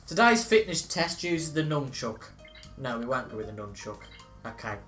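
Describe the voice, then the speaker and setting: A man's voice: mid-range voice, expressive, moderate pace, a bit bright, soft background music. Chatty man commenting on gameplay. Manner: chatty, self-mocking, reacts aloud to play. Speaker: gaming video host. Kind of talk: casual let's-play commentary.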